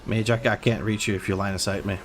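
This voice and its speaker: Low-voiced man calling his own gameplay. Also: little pitch movement, quick pace, a little hiss or hum. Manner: running play-by-play, wry asides to chat. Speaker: streamer. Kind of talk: live gameplay commentary.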